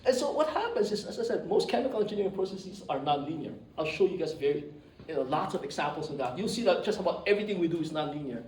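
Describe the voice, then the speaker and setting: Male engineering lecturer, high bouncy voice, teasing and repetitive, recorded from afar in a reverberant room. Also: fast, slight background noise. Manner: animated, joking, often asks "right?". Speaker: engineering professor. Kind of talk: classroom lecture. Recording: echoey classroom, distant mic.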